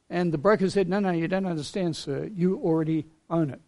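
A middle-aged male pastor preaches from the pulpit, his somewhat high voice roughened with gravel. Sincere and narrative, he gives his key words room with quiet pauses.

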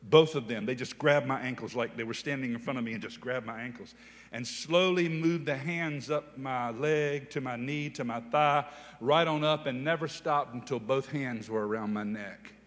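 A man preaching a sermon, telling his own story in an animated way that builds to loud, emphatic preaching. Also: medium pitch, moderate pace, big-room sound. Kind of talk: sermon testimony.

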